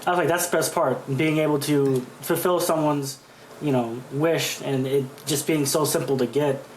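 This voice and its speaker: A man on a podcast rambles casually, repeating himself as he searches for words. His slightly higher voice carries a roomy echo, with a faint hiss underneath. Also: steady tone, normal speed, a little mellow. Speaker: podcast co-host. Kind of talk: casual chat.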